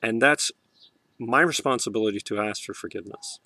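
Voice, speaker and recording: A man talking to his camera in a heartfelt spiritual monologue, soft and emotional, often halting and restarting. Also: on the low side. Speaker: vlogger.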